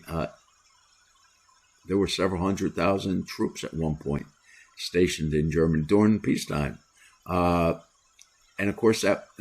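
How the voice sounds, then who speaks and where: An older American man hosting a solo commentary, talking in a deliberate, opinionated way with many "uh" pauses. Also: low voice. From United States. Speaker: commentary host.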